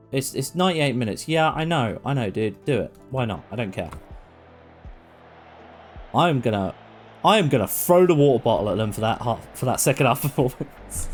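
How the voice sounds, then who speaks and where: A man doing casual, sweary live-stream commentary on a football management game. He talks to the players on screen and goes off on rants. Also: mid-range voice.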